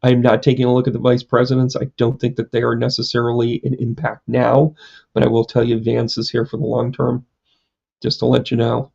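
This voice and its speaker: A man's voice: mid-range voice, completely flat delivery, fairly quick, gravelly, a little mellow, husky, highs cut off. A man, a psychic medium, chatting casually on a live stream, rambling through a story with lots of fillers and self-mocking jokes.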